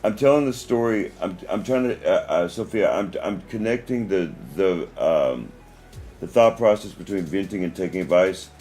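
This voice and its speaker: Man in his forties, livestream host, very low pitch and lively delivery, a rambling storyteller, faint music underneath. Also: normal speed. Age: 40s. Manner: rambling storytelling with many restarts. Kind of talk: casual livestream chat.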